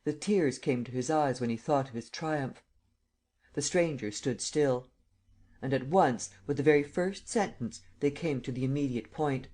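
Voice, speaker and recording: A man narrating a classic novel in a measured, steady way. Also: mid-range voice. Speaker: audiobook narrator. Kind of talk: scripted narration.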